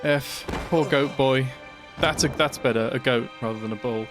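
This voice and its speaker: A man's voice: medium pitch, normal speed. A man streaming a video game, giving chatty, rambling live commentary as he plays. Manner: chatty, rambling, easily sidetracked. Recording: loud game music behind.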